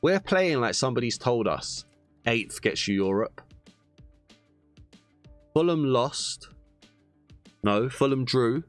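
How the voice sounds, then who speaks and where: A young man commentating on a football video game, veering between excited shouts at goals and muttered frustrated grumbling. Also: mid-range voice, slow pace, long pauses, no echo, faint music behind. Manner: animated, bursts into shouts at goals. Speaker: gaming YouTuber. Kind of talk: gameplay commentary.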